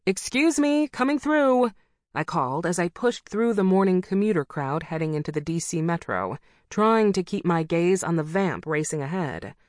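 Low-voiced woman narrating a novel. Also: animated, moderate pace, hardly any pauses, a little mellow, dry recording, clean studio sound. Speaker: audiobook narrator. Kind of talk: first-person novel narration.

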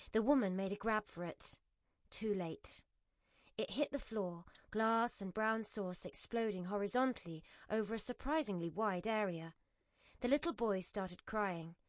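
A woman narrating an audiobook with measured, even storytelling. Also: mid-range voice, dry recording, studio quality.

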